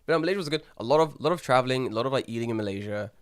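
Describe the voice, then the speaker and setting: A young man co-hosting a podcast, telling animated stories, swearing freely and acting out what people said. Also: mid-range voice, racing, clean tone. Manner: animated storyteller, swears freely, acts out quotes. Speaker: podcast co-host. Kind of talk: casual chat.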